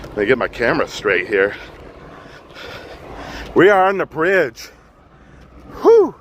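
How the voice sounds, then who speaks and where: An out-of-breath man giving urgent, halting live commentary outdoors on a freeway bridge, filmed on a phone. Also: mid-range voice, big pitch swings, fairly bright tone, a little hiss or hum. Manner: urgent, halting, repeats himself. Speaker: live street news streamer.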